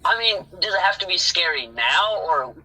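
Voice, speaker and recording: A man's voice: sits high, very animated, moderate pace, crowd noise, low-quality recording. A man speaking as a guest on a casual podcast, hesitant and laughing often. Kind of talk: casual chat.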